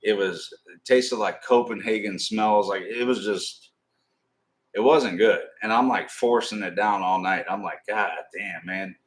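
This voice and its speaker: Guy telling a long cussing story on his live stream, kinda low voice, rambling and animated. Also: a little slow.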